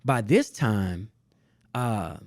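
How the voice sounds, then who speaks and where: A man's voice: on the low side, lively intonation, drawn-out words, a little mellow, no echo, clean studio sound. A man telling a personal story in a casual conversation. He repeats phrases for emphasis and laughs now and then. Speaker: guest artist.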